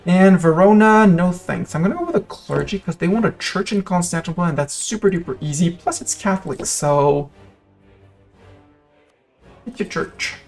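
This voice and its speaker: A French-accented streamer rambles through live gameplay, chatting to viewers and to the game as it goes. The voice sits at a middling pitch, with soft music under it. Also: lively intonation, moderate pace, gravelly.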